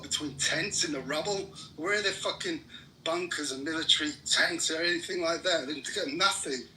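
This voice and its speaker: A man's voice: fairly high pitch, pushed and bright, poor audio. A man in a heated political argument, furious and swearing constantly as he rants. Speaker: debate participant.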